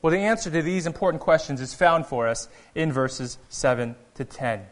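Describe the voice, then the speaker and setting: A man preaching a sermon earnestly, rising to loud proclamations and dropping to quiet asides. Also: a little high, expressive, moderate pace. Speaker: pastor.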